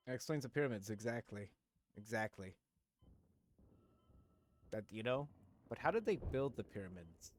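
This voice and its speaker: A man's voice: medium pitch, lively intonation, normal speed, long pauses. A man streaming live, chatting casually with his viewers in a rambling, joking way, full of fillers, restarts and casual swearing. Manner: talks to chat, many fillers and restarts. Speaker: livestreamer.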